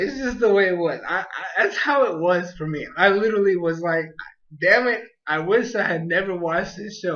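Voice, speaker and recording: A young man reviewing an anime in a rambling, excitable way, full of fillers and restarts. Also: high voice, lo-fi sound. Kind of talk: casual video review.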